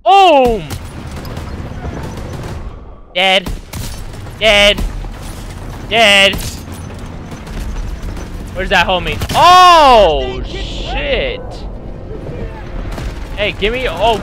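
A young man giving casual, profane, excitable commentary while playing a war shooter, shouting at the game. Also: high voice, extremely slow, long pauses, faint music behind. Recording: loud gunfire from the game over the voice.

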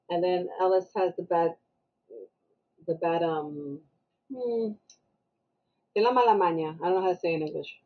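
A woman guest on a podcast, telling a story in a casual, animated way and acting out the people in it. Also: lowish voice, moderate pace, pauses often, dull audio. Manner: animated, acts out the people she quotes.

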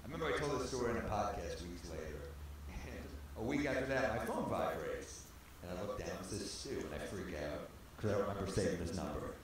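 A male comedian telling a stand-up story on stage in a club, animated and laughing through his own lines. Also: low-pitched, fairly quick, a crowd in the background. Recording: echoey comedy club with faint noise.

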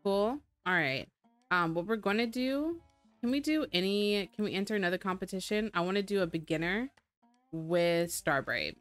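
A woman's voice: medium pitch, expressive, normal speed, fairly bright tone, no echo, soft background music. A woman giving casual let's-play commentary, chatty and rambling as she narrates her own moves in the game. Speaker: gamer.

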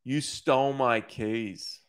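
A man's voice: mid-range voice, steady tone, slow, clear, resonant tone, natural voice. A man voicing a drugged, desperate young woman held captive, lifting his voice a little for her. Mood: fearful.

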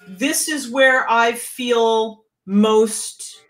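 Animated woman keytarist chatting. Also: a little high, very slow, faint music behind. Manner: animated, swooping emphasis. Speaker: keytar player guest. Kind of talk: casual chat.

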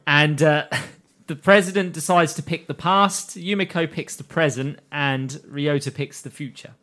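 A man's voice: a little high, steady tone, measured pace, bright, forceful tone. A man on a casual podcast, summarizing an anime plot, laughing and swearing with friends. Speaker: podcast host. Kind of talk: casual recap chat.

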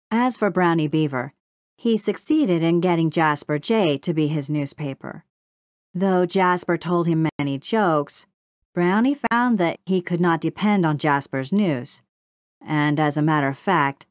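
A woman narrating a children's storybook in a steady, gentle read-aloud manner. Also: on the low side, no echo, studio quality. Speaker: audiobook narrator.

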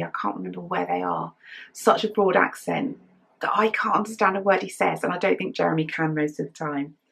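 A woman's voice: mid-range voice, creaky, a bit bright, husky. A middle-aged English woman hosting a knitting podcast, chatting in a rambling, casual way, her voice tired today. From England. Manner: chatty, rambling, with fillers and giggles. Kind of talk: casual chat.

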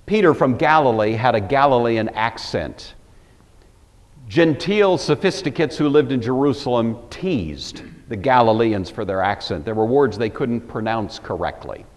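A man's voice: mid-range voice, animated, normal speed. Emphatic man teaching Bible, echoing hall. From Pacific Northwest. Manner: emphatic, wry, conversational asides. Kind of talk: Bible study lecture.

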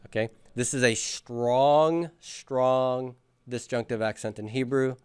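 Smooth-voiced man teaching a class. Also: medium pitch, no echo. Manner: patient, drills students with call-and-repeat. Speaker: Hebrew grammar teacher. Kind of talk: classroom lecture with questions.

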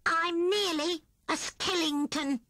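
A woman voicing a thin, hungry male rat who whines and pleads in a high voice. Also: fairly even intonation, slow pace, fairly bright tone, dry recording, clean studio sound, full character voice. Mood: whining. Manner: whining, high and squealing.

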